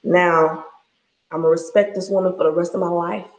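A woman in her thirties shares her story in a passionate, preacherly faith-based talk, laughing often as she goes. Her voice is on the low side, steady, at a moderate pace, with a roomy echo in the recording.

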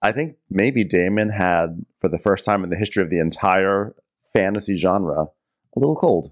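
A man's voice: low-pitched, normal speed. A man co-hosting a comedic TV recap podcast, playful and giggly, riffing with silly asides. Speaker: podcast co-host.

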